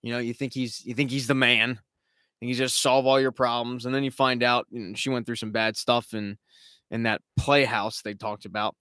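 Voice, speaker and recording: A man in mid-range pitch talks over a home stream mic in a dry, close room. He rambles casually, swears freely and now and then mocks the characters in put-on voices. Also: flat delivery, a little fast, bright, forceful tone, clean tone, no room sound. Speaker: show host. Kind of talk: live-stream TV recap chat.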